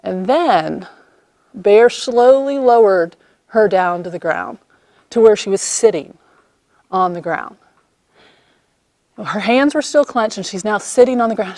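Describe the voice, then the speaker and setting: A woman vlogger telling a personal story in a lively way, acting out the quoted lines and laughing often. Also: mid-range voice, dry recording.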